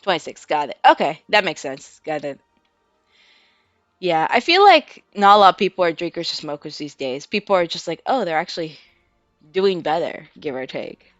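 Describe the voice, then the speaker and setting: Excitable American woman streamer, lo-fi. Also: on the low side, normal speed, no room sound, faint music behind. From United States. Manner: chatty, lots of "like" and "um", bursts into excited squeals and laughs with swearing. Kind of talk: casual live-stream chat and trailer reaction.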